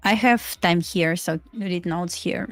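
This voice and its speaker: A woman's voice: lowish voice, slow pace, soft background music. Woman trader explaining in short plain phrases. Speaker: trader guest. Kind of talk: casual live-stream chat.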